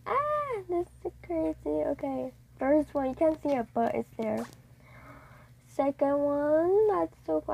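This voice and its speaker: A woman casually commenting on her gameplay as a vlogger, excitable and gasping, repeating her exclamations. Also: high-pitched, vocal fry, low-quality recording. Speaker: gaming vlogger.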